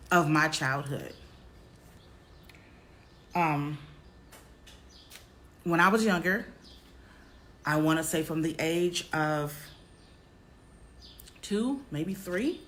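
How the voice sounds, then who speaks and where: A woman vlogger telling a personal story straight to her viewers, halting often and repeating herself. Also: on the low side, a bit bright. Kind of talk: candid personal storytelling to camera.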